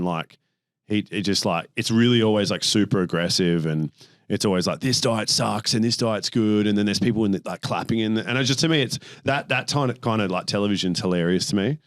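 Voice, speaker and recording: A young man hosting a podcast, telling rambling, animated stories and swearing freely. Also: lowish voice, dry recording, studio quality. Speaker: podcast host. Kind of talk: casual chat.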